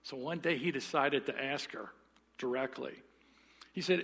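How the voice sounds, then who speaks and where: A man's voice: mid-range voice, normal speed, long pauses, fairly bright tone. A man preaching a sermon as pastor, often restarting words and telling folksy jokes.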